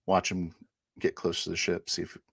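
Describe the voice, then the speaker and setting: Male player, low pitch, dry mic, hesitant delivery. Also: monotone, vocal fry, fairly bright tone, breathy edge, no room sound. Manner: hesitant, halting, many uhs. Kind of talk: in-character tabletop play.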